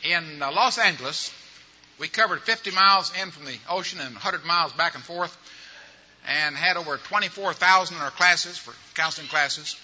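Older male preacher, high bright voice, folksy storyteller; muffled recording in a big reverberant hall. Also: moderate pace. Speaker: evangelism trainer. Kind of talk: sermon-style training talk with stories. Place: large church or auditorium.

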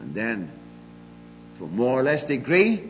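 An older man preaching a sermon, emphatic, moving between loud declarations and quiet asides. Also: medium pitch, wildly swooping pitch, a little slow, long reverb tail, lo-fi sound, soft background music.

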